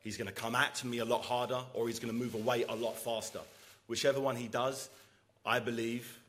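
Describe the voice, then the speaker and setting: A boxer at a press conference, answering questions earnestly and repeating words for emphasis. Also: male voice, mid-range voice, little pitch movement, brisk, fairly bright tone.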